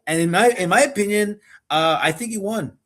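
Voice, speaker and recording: A man's voice: high-pitched, a little fast, fairly bright tone. A man co-hosting a podcast, talking earnestly in casual chat and often repeating himself mid-sentence. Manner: earnest, repetitive, often restarts. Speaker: podcast co-host. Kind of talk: casual conversation.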